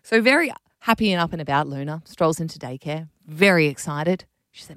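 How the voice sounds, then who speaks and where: An Australian woman in her thirties hosting a breakfast radio show, telling a story with animated energy and frequent laughter. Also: sits low, a little fast, no echo, studio quality. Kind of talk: casual radio banter. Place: radio studio. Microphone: studio microphone.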